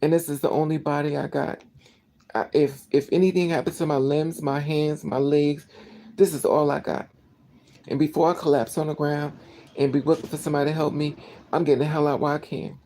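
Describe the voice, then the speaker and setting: A vlogger tells a story as an emotional, indignant rant in a dark, gravelly voice with heavy fry on the low notes, circling back to the same phrases to hammer them home. The delivery is flat and a little fast, on poor audio with some hiss or hum.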